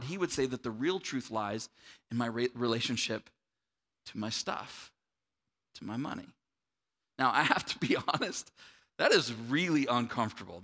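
A man, a pastor giving a conversational sermon to a church audience, often checking in with "right?". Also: a little high. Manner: conversational, animated, asks the room "right?".

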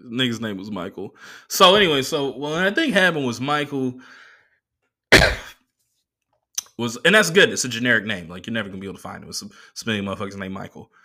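A man hosting a solo podcast, telling rambling, profane stories in a casual, animated way. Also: mid-range voice, fast talker, long pauses. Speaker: comedian and podcast host.

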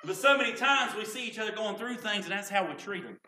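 High-voiced preacher, echoey church. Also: male voice, fast, sharp tone. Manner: folksy, repeats "can I tell you what". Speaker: pastor. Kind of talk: sermon. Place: church sanctuary.

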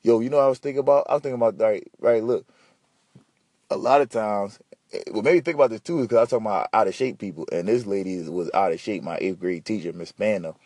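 Man, podcast host, husky voice, dry close mic, slangy animated rambling. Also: on the low side, fast, dry recording. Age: adult. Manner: profane, animated, slangy storytelling. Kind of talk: casual solo podcast rant.

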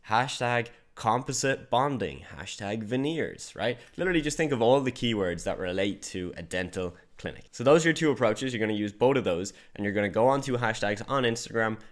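A male business coach delivering an online lesson in a frank, conversational way. He speaks with a slightly low voice. He deliberately moves his tone up and down and leans on key words. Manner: direct, emphatic, conversational, varied tonality. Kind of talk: online course lecture.

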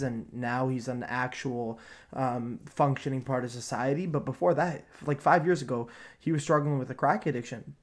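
A young man hosting a casual solo podcast, rambling loosely with lots of fillers and casual swearing. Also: mid-range voice. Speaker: podcast host.

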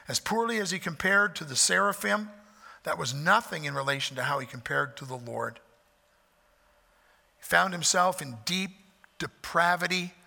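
A man preaching in a high, gravelly voice with a bright, forceful edge. He is earnest and repeats key lines for weight. His words ring out with a long reverb, as in a large church sanctuary. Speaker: pastor. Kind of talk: sermon.

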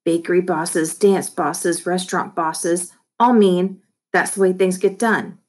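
A woman's voice: on the low side, fairly even intonation, measured pace. A woman voicing a bossy young boy who runs a small business, talking in a bratty, emphatic way.

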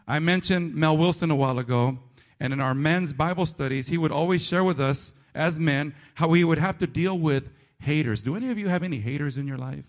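A man preaching a sermon as pastor of a church, animated and self-mocking, swinging between loud emphasis and low asides. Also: brisk.

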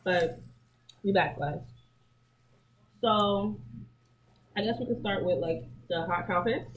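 A woman's voice: mid-range voice, dull audio, slight background noise. A woman co-hosting a podcast, chatting casually and playfully in slang while she eats. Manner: slangy, playful, quick banter. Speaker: podcast co-host. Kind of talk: casual chat while eating. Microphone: podcast mic, eating sounds.

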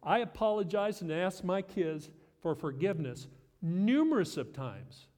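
A man's voice: high voice, very animated, measured pace, darkish tone, big-room sound. A middle-aged man preaching a sermon as pastor, conversational and self-deprecating with light humor.

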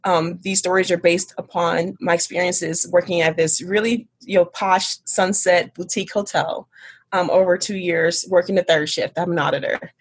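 A woman guest and author telling a story in a casual interview, animated and laughing often. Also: fairly low pitch, normal speed, breathy edge.

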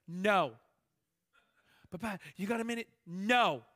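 A man preaching a sermon as pastor, animated, swinging between loud emphatic lines and hushed ones. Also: sits high, slow, pauses often.

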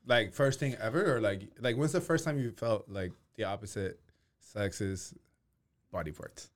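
A man's voice: fairly low pitch, a little slow. A young man in casual podcast banter, full of fillers, pressing his friend with questions and laughing often.

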